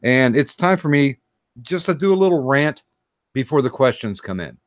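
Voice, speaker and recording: A man of middle pitch hosting a casual podcast, speaking in halting bursts with frequent pauses. His voice is recorded close up, with a dry, dead sound and no room echo. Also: sing-song. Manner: halting, many fillers and restarts. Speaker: podcast host.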